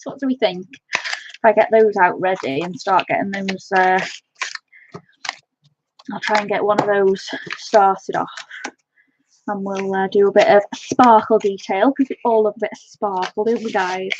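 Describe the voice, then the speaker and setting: A woman's voice: medium pitch, steady tone, measured pace, long pauses, background noise. A woman colouring on a live stream, chatting fondly and greeting viewers by name. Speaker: livestream colouring host. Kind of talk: casual live-stream chat while colouring. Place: home. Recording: dull, lo-fi home stream audio.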